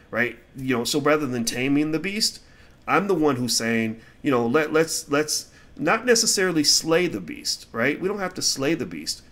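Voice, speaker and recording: A middle-aged man holds forth in casual commentary at an ordinary pitch, with a blunt, heated delivery. He swings between loud bursts and low mutters as he answers viewer questions.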